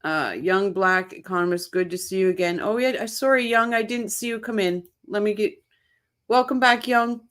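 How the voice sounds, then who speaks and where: A woman hosting a casual livestream, chatting excitedly, laughing often and reading viewer comments aloud. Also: mid-range voice, moderate pace. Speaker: livestream host. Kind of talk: casual live-chat commentary.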